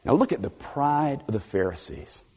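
A male preacher in mid-sermon, emphatic and animated, who repeats key phrases for stress. His medium-pitched voice moves up and down a lot. A long reverb trails each line, as in a large hall. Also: normal speed, husky. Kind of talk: expository sermon.

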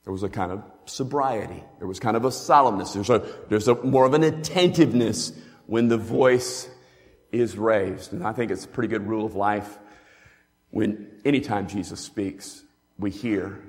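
A man's voice: fairly low pitch, normal speed. A man preaching a sermon as a pastor, earnest and emphatic in a teaching way. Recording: long hall reverb.

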